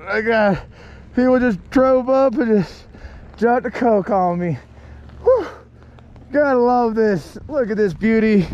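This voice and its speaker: A man's voice: extremely high pitch, dull audio, a little hiss or hum. A man who is a long-distance hiker, talking to camera outdoors on a mountain road while he walks, exclaiming, swearing freely and whooping. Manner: exclamatory, profane, laughs often, loud whoops. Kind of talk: casual walking vlog monologue.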